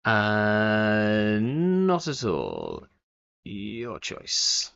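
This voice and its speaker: Low, lively man streaming a card game. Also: extremely slow, creaky, clear, resonant tone. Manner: rambling, thinks aloud with many fillers and self-corrections. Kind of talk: casual live-stream commentary. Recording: dull, lo-fi stream audio.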